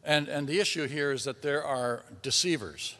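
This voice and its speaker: A man preaching in a lively, conversational way, dropping from loud emphasis to near-murmurs and doubling back on his words. His voice sits high and bright for a man. The hall around him gives a long, ringing reverb. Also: moderate pace. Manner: lively, swings from loud to hushed, chuckles, repeats words. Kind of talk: sermon.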